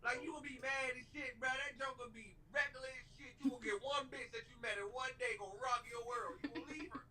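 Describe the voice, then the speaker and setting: A man hosting a reaction video, heckling and ranting in a profane, animated way. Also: extremely high pitch, fast. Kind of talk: loud comedic reaction rant. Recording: distant mic with faint background noise.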